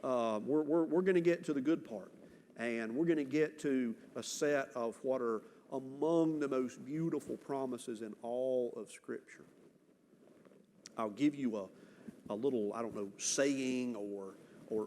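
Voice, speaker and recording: A man preaching a sermon as pastor, earnest and emphatic, with dramatic pauses. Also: medium pitch, a little mellow, slight background noise. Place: church sanctuary. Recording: church hall reverb, faint ambience.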